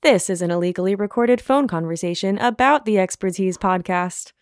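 A woman's voice: medium pitch, brisk, no room sound, studio quality. A woman reading a scripted mock legal disclaimer in a solemn announcer manner.

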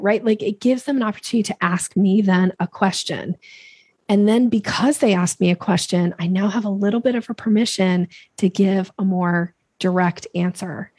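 Brief: woman sales coach, podcast guest, gravelly and husky, animated, pops into playful quoted voices, dry close sound. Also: moderate pace, no echo. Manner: animated, acts out quoted voices with big pitch jumps. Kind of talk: podcast interview talk.

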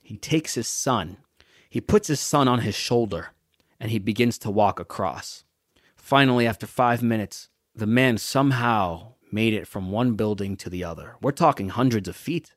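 A young adult man hosting a motivational podcast, telling a story and preaching with emphatic, drawn-out words. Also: fairly low pitch, lively intonation, no room sound, studio quality. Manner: preachy, emphatic, stretching key words slowly.

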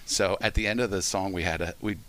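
A man's voice: deep voice, fairly even intonation, quick pace, fairly bright tone. A man telling a funny story in casual conversation, laughing often and repeating "you know what I mean". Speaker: former ballpark entertainer.

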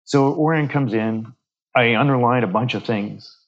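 A man's voice: medium pitch, moderate pace, highs cut off. A man, a guest medium on a podcast, telling a story and acting out the voices of the people in it, with frequent restarts and repeated words. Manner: acts out quoted dialogue while retelling a story.

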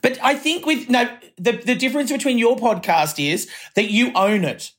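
A woman's voice: a little high, sing-song, normal speed. A woman with an Australian accent, a podcast guest chatting candidly and laughing as she talks. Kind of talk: casual podcast chat.

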